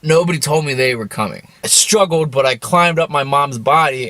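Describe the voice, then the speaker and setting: A man's voice: medium pitch, quick pace, few pauses, no echo. Swearing young man telling a wild story. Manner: heavy swearing, animated, rambling asides. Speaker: storyteller host. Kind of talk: casual comedic storytelling.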